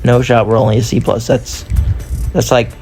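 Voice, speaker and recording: Guy rambling through his football game sim, gravelly strained voice, little music under it. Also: mid-range voice, flat delivery, a little mellow. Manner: rambling, self-deprecating, quick asides. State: strained voice from long recording. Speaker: gaming YouTuber. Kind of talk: casual gameplay commentary.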